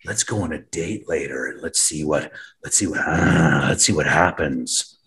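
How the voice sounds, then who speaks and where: A man voicing a creepy guy asking a woman on a date, in a low, slow, mumbled voice. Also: fairly bright tone. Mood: sleazy.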